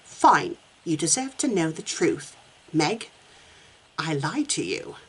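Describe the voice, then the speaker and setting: A woman's voice: sits low, big pitch swings, slow, husky, voice pushed down, full character voice. A woman reading a story aloud and voicing Susan, a snooty, prim English woman who talks in a haughty, lofty, dramatic way. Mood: confessional.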